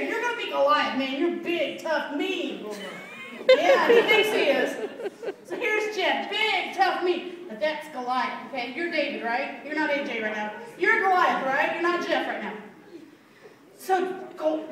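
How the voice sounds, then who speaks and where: A woman's voice: high-pitched, big pitch swings, unhurried, fairly bright tone. A woman teaching children a Bible story, playful, asking them questions and laughing often. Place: church room with children. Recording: echoey room, mic far off, faint noise.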